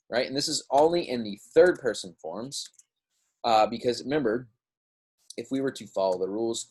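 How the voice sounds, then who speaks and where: A man with a slightly husky voice gives a recorded lesson to his class. He explains each point patiently and step by step, and keeps checking that the students follow along. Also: medium pitch, expressive, moderate pace. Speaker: Spanish teacher.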